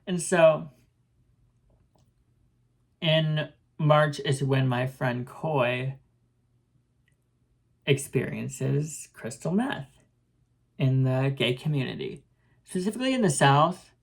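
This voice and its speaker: A woman's voice: deep voice, slow pace, creaky, pauses often. A young woman telling a casual storytime with lots of swearing, acting out what people said. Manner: animated, swearing, acts out quoted voices.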